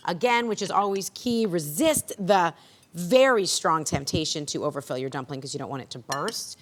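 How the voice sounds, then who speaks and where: A woman's voice: fairly low pitch, moderate pace, a little hiss or hum. A woman hosting a cooking show, explaining a recipe step by step in an encouraging way. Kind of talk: cooking demonstration.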